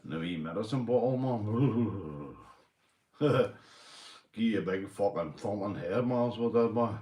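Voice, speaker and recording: A warm, expressive, fairly low voice belongs to a Northern Irish livestream host who speaks unhurriedly. Tipsy from beer, he rambles boisterously, swearing and laughing a lot, in an echoey room.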